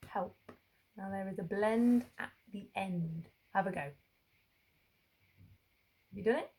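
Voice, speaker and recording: A woman teaching young children to spell, sounding out each letter slowly and carefully. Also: medium pitch, a little mellow. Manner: slow, drawn-out sounding out of letters. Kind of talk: phonics lesson for young children.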